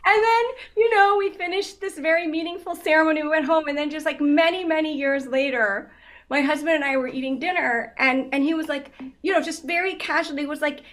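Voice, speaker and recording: A woman in her fifties, a guest in a casual interview, telling stories in an animated way with frequent laughter and many fillers. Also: high voice, a little fast.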